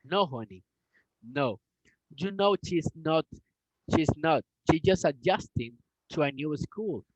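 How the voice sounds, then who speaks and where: A man voicing a tired, gentle mother who soothes her son softly at night while reading a storybook aloud. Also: a little high, lively intonation, dry recording, low-quality recording. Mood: soft, tender. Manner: soft, hushed and slow.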